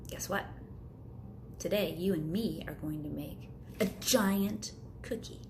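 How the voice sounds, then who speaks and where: A woman's voice: fairly low pitch, slow pace, noisy background. A woman reading a picture book aloud to children, playfully voicing sound effects and chatting about the pictures. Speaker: storyteller for children. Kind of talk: storybook read-aloud.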